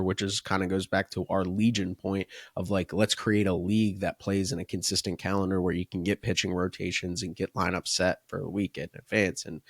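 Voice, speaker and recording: A baseball coach co-hosts a casual podcast, spinning long run-on thoughts he often caps with "right?" and "like." His voice is fairly low and creaky, captured in a dry, studio-quality recording.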